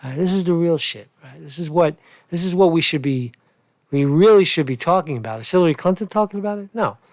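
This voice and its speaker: A man's voice: fairly high pitch, animated, fairly quick, no echo. A man giving casual political commentary in a video blog, rambling and blunt, repeating and restarting his phrases.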